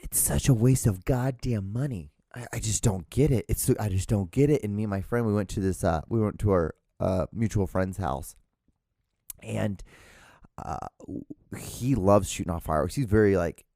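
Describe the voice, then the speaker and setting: A man's voice: lowish voice, normal speed, vocal fry, mellow, no echo, clean studio sound. A man hosting a solo podcast, rambling casually with lots of swearing, restarts and self-mocking laughs. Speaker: podcast host.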